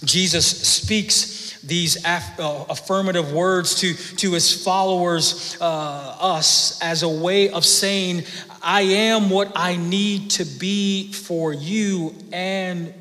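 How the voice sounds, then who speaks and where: Slow, halting male pastor in a reverberant hall. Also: high voice, pushed and bright. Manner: slow, halting, repeats words. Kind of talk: sermon.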